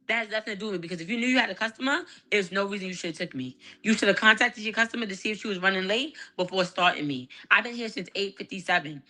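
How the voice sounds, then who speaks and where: A woman's voice: medium pitch, fast, few pauses, sharp tone. A woman with a Brooklyn accent ranting heatedly about a bad salon visit, with heavy swearing. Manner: heated, profane, livid. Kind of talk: angry storytime rant.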